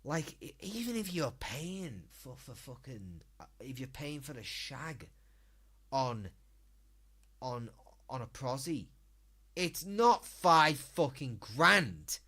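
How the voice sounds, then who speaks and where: Sweary British streamer, slow-talking. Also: male voice, medium pitch, very animated, breathy edge. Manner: ranting, sweary, exasperated. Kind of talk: casual live-stream reaction chat.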